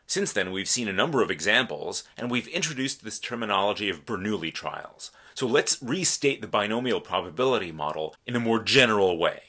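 A man delivers a recorded math lecture in a lowish voice. His tone is bright and forceful. He explains each step with care and presses hard on the ideas that matter. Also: animated, a little fast, few pauses. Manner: careful, explanatory, stresses key points.

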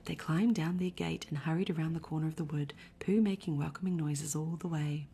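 A woman reading a bedtime story aloud in a soft, slow, whispery ASMR voice. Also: sits low, fairly even intonation, gravelly, husky.

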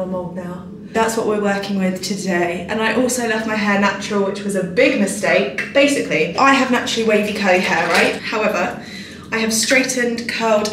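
A woman's voice: mid-range voice, fairly bright tone. A woman in her twenties, a lifestyle vlogger chatting casually to camera, bubbly and talkative with some casual swearing. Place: hotel room. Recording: roomy hotel room, slightly distant mic, faint noise.

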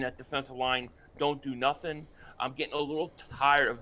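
Heated sports-talk panelist, male, pushy and forceful in tone. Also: a little high. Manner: heated, ranting.

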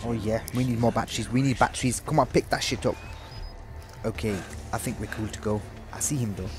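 Over music, a young man commentates a let's play of a horror game at a fairly quick clip, his medium-pitched voice steady in tone. He's jumpy, swears constantly, and lets out panicked yelps and shouts.

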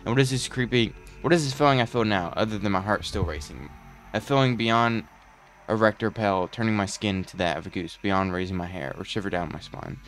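A man's voice: on the low side, a little fast, fairly bright tone, faint music behind, natural voice. A man voicing a frightened father as he reads a journal from a game aloud, brooding and dramatic.

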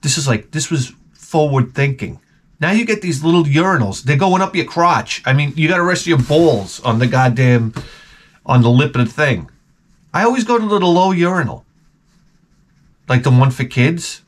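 A man's voice: a little high, expressive, moderate pace. A man hosting his own vlog, telling crude, profane stories in a rambling comic monologue. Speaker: vlog host.

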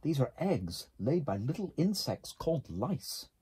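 Here a man reads a storybook in the role of a firm, lecturing dog doctor, stern and matter-of-fact. He pushes his voice up a little high, speaking a bit slowly in a mellow, husky tone, very animated and heavily acted.

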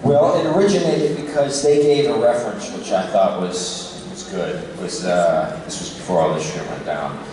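A tired man chatting casually as a convention panel guest, relaxed and quick to laugh. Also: sits low, crowd noise. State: tired, short on sleep. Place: large convention hall. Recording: echoey hall recorded from far off.

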